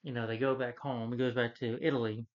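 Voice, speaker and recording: A man's voice: mid-range voice, little pitch movement, fast talker. A man rants casually through a film review, rambling as he retells scenes and acts out the characters' lines. His voice sits in a middle range. The recording sounds slightly dull and lo-fi. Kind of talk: casual spoken movie rant.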